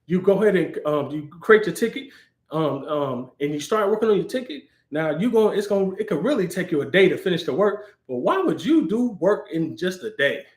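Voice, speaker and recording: A man, a cloud architect, hosting a live Q&A in an animated, playful manner, acting out little scenes as he talks. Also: high voice, a little fast. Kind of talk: casual livestream talk. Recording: roomy echo.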